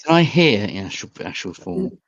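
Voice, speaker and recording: A man's voice: fairly low pitch, sing-song, moderate pace, no echo, highs cut off. A man playing a tabletop game, musing and hesitant as he works out his options. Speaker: player. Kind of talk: casual tabletop play.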